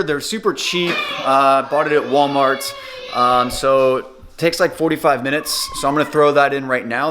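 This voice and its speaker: A man in his thirties, a fitness coach, talking casually to camera with relaxed fillers. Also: on the high side, noisy background. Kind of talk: casual vlog chat.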